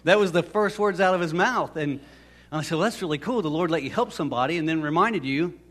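A man's voice: on the high side, fast talker, a bit bright, a little hiss or hum. A man preaching a casual, storytelling sermon, rambling and conversational with many restarts. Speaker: pastor.

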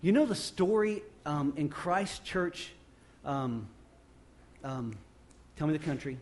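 A male pastor preaching a sermon off the cuff, swinging from loud emphatic bursts to quiet low passages and often restarting his phrases. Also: animated, slow pace, slight background noise. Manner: repeats and restarts phrases while speaking off the cuff.

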